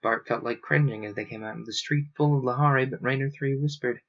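A man narrating a novel aloud in a steady storytelling manner, on a dull lo-fi recording. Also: mid-range voice, fast talker. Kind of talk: book reading aloud.

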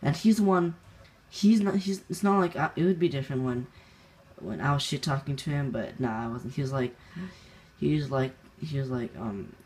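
A man's voice: medium pitch, normal speed, a little mellow, slight background noise. A young man hosting a gaming channel, recounting a match in rambling casual commentary, laughing often and full of fillers and restarts.

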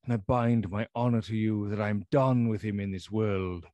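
A man's voice: sits low, unhurried, a little mellow, dry recording. A man voicing a feverish, frightened doctor. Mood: feverish pleading. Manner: agitated, pleading. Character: feverish frightened male doctor, middle-aged.

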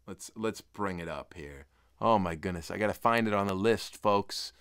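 A man hosting a casual weekly live stream from home as a polka band leader, talking in an upbeat, playful way with sudden jumps in pitch and loudness. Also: moderate pace, smooth.

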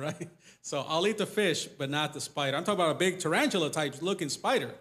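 A man's voice: fairly high pitch, animated, quick pace, a bit bright. A man speaking as a missionary at a church, telling stories loosely with many fillers and restarts. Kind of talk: church testimony talk.

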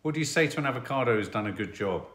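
A man's voice: mid-range voice, expressive, very fast, a bit bright, echoey room. A man co-hosting a casual family livestream, reading out viewer comments and cracking jokes. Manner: playful, jokey, full of trivia.

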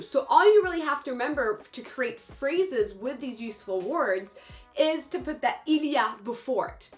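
A woman teaching French, speaking lively and repeating words slowly for learners. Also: high-pitched, faint music behind. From France. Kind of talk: language lesson.

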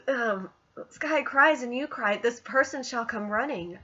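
A woman who is sick, streaming a casual live reaction and gushing excitedly as she reads along. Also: on the high side, a little slow, husky, dull audio. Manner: gushing, excitable, squeals over scenes.

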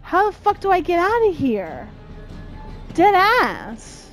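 A young woman with a high, lively voice talks through a horror game, swearing freely and yelling whenever she is startled. Her delivery is unhurried between scares. Faint game music plays behind her. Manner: profane, jumpy, yelling when scared. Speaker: gaming streamer. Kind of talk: let's play commentary.

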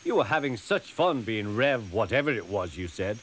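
A man's voice: lowish voice, sing-song, moderate pace, fairly bright tone, a little hiss or hum. A man voicing a polite, clever male engine in a children's cartoon, with dry wit. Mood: wry.

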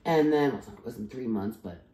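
A woman's voice: extremely low pitch, animated, moderate pace, warm tone, slight background noise. A tired woman from the East Coast, rambling through a personal vlog with many restarts and asides. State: tired after travel. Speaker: vlogger. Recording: echoey room.

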